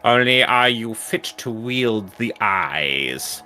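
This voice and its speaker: Man playing a grave old-fashioned game elder, slow, ceremonial, bright voice. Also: fairly low pitch, animated, soft background music, voice pushed down, heavily acted. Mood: solemn. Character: solemn archaic-speaking male game elder.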